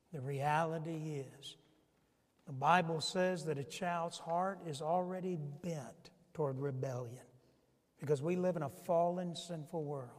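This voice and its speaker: Impassioned high-voiced preacher in a hall. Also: male voice. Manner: preacherly, swings from hushed to shouting. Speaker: pastor. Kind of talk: sermon. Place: church sanctuary.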